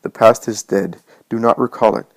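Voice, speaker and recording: A man voicing Jesus as a gentle, loving savior, speaking in a solemn, tender way. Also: lowish voice, normal speed, no room sound, lightly acted, poor audio.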